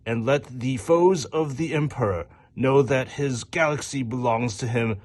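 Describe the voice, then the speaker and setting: A man's voice: medium pitch, measured pace, darkish tone, lightly acted. A man doing a grandiose, declamatory narrator voice to recite a warrior creed. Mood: solemn.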